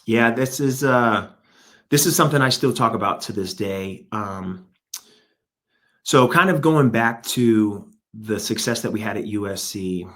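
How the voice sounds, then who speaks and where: Low-voiced motivational former athlete. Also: male voice, fairly bright tone. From United States. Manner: emphatic, motivational, quotes himself and others. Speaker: guest, former NFL player and speaker. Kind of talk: storytelling interview answer.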